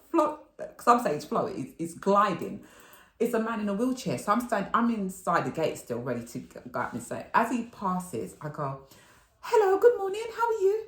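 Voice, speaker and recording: A middle-aged woman telling rambling, animated stories in a chatty haul video, swearing and laughing freely. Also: fairly low pitch, moderate pace. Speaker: vlogger. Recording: roomy echo.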